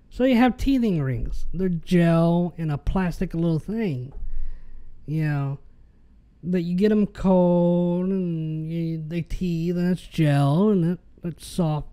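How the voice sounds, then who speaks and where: A man's voice: a little high, takes it slowly, mellow, clean tone. A man hosting a podcast, ranting in an exasperated, casual way. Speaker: podcast host.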